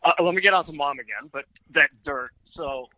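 A man's voice: on the high side, a little fast, sharp tone, poor audio. A man talking as a guest in a casual conversation, earnest and reflective.

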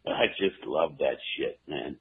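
A man co-hosting a radio show, telling stories in a slow, drawn-out way with many fillers. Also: extremely low pitch, expressive, creaky, a little hiss or hum. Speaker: radio co-host. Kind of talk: casual radio chat. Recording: tinny phone-like radio line.

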